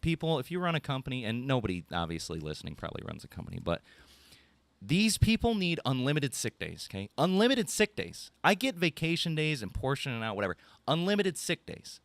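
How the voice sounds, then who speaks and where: A man's voice: mid-range voice, sing-song, quick pace, vocal fry, a bit bright, no echo. A man, telling a rambling story on a casual podcast, ranting and swearing freely. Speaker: podcast co-host.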